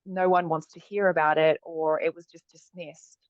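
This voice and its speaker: Woman podcast host, lowish voice, reflective, dry close sound, slightly dull audio. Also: steady tone, normal speed, no echo. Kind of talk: conversational podcast talk.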